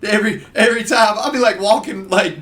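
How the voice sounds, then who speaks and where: Guy, kinda high voice, telling stories and doing all the voices, sounds a bit far off the mic. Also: quick pace. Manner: animated, laughing storyteller who acts out voices. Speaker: podcast guest. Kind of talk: casual storytelling.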